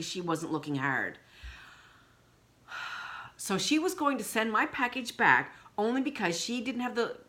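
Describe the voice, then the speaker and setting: A woman's voice: mid-range voice, sharp tone. A woman vlogging in a casual, indignant rant, blunt and swearing freely. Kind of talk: casual ranting vlog.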